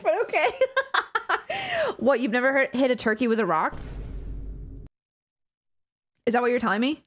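A woman streaming live, chatting casually and excitedly with her viewers, giggling often and thanking them warmly. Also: on the high side. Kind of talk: casual chat to a live audience.

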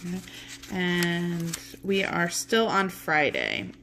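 A woman's voice: on the low side, huge pitch swings, slow pace, noisy background. A woman teacher giving a casual lesson recap, chatty, with many okays and you knows. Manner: chatty, fillers like okay and you know.

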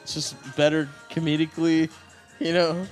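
A man hosting a podcast, excitable and joking in casual chat, saying dude a lot. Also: fairly high pitch, normal speed, faint music behind. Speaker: podcast host.

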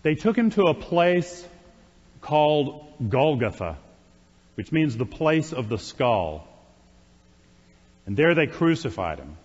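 A priest preaching a sermon, retelling a scripture story in a conversational way with wry asides to the congregation. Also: male voice, a little high, very animated, slow, long pauses, a little mellow, slightly rough. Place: church sanctuary. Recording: dull, reverberant church recording.

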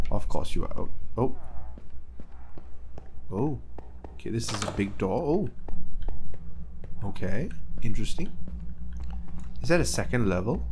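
A man's voice: fairly low pitch, a little hiss or hum. A young man giving casual gameplay commentary, chatty and easily surprised, stammering as he talks to the characters on screen. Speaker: let's play gamer.

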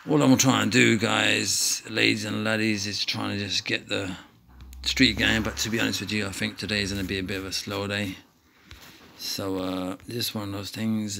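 A man's voice: fairly low pitch, creaky, pushed and bright, a little hiss or hum, rough recording. A man giving playful, rambling commentary while playing a mobile game, often wandering off on tangents.

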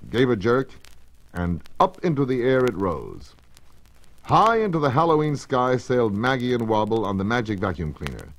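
A man narrating children's stories on a storybook record, in an expressive, measured storytelling manner. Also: fairly low pitch, rough recording.

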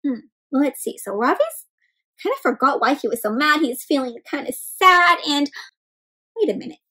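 A woman's voice: high voice, expressive, moderate pace, bright, forceful tone, rough recording. A woman reading a picture book aloud to children, asking them questions and calling them "my friends" in an encouraging, teacher-like way. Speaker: children's story reader. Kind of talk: interactive read-aloud for kids.

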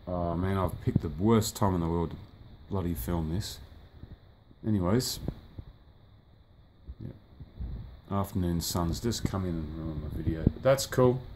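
A man's voice: low voice, measured pace, background noise. A man casually reviewing a collectible figure, rambling offhand with fillers and the odd curse, filmed indoors by a sunny window. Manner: rambling, offhand, swears at the sunlight.

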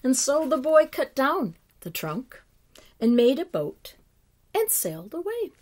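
A woman reading a children's picture book aloud, slow and expressive, sometimes dropping to a hush. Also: high-pitched. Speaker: children's story reader.

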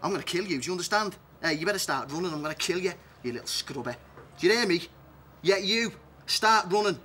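A man's voice: high-pitched, animated, fast, pushed and bright, slight background noise. An actor playing a jealous, foul-mouthed man who rants and makes threats in a TV comedy. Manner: accusing, ranting, threatening.

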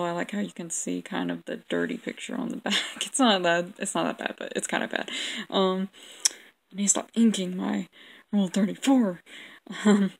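A woman's voice: medium pitch, vocal fry, low-quality recording. A young woman vlogging casually, rambling and mocking herself with lots of ums. She has a sore throat and keeps smacking her lips. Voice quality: lip-smacking. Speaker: vlogger reviewing her old drawings. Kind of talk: casual chat.

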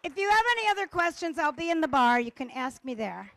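A woman's voice: sits high, very animated, quick pace, a bit bright, dry recording. A middle-aged woman lecturing at a conference, playful, acting out little dialogues with comic timing. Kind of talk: conference talk. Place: conference stage.

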